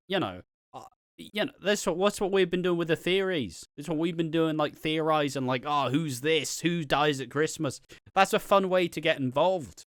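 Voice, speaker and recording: A man co-hosting a podcast, talking in an animated, opinionated way with some swearing. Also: a little high, no echo, clean studio sound. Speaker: podcast co-host. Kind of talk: casual chat.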